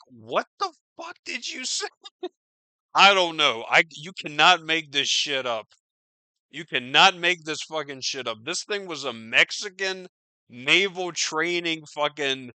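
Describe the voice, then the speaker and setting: Profane, slow-talking male podcast host. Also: a little high, pushed and bright, clear, resonant tone, no room sound. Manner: profane, rambling, incredulous. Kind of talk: casual news commentary.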